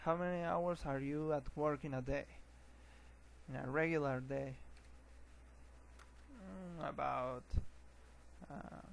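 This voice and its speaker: A man teaching an English lesson, often restarting words and filling pauses with uh and um. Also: on the high side, creaky, a little hiss or hum, low-quality recording. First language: Spanish. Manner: hesitant, repeats words, many fillers.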